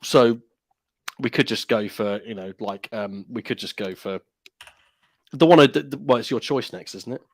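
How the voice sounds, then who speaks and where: A man's voice: fairly low pitch, normal speed, dry recording. Casual male podcast co-host, jokey and rambling, dead-dry booth sound. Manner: rambling, jokey, full of fillers and restarts.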